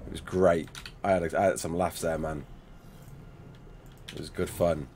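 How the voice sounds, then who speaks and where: A man's voice: deep voice, steady tone, moderate pace, a little mellow, a little hiss or hum. A man in his thirties chatting casually with his livestream chat while building in a game, reacting with laughs and sudden outbursts.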